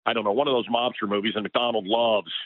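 A radio personality appears as an interview guest, his lowish male voice holding a fairly even intonation as he talks fast and grows impassioned, getting worked up. The heated conversation comes through a tinny phone line with no room sound.

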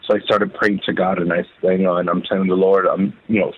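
A man telling his own story as an interview guest, halting and repeating words as he recounts it. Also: deep voice, little pitch movement, breathy edge. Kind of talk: emotional first-person testimony. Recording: phone-like narrow band.

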